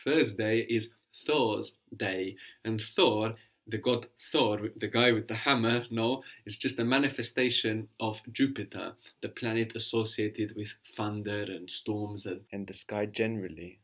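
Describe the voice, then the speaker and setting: A man's voice: lowish voice, fairly even intonation, unhurried, fairly bright tone. A man teaching a language lesson, patiently explaining words and prompting his student to translate.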